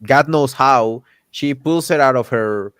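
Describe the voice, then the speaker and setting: Animated man ranting. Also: medium pitch, measured pace, dry recording. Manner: animated, indignant, many restarts. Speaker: host. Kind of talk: casual podcast rant.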